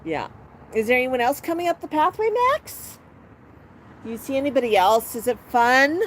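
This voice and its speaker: Here the woman's voice sits high and a bit bright, swinging widely in pitch at a moderate pace as she vlogs on a patio, sing-songing and baby-talking to her bird. She hosts a channel and owns the parrot. The low-quality outdoor recording carries street noise and passing traffic.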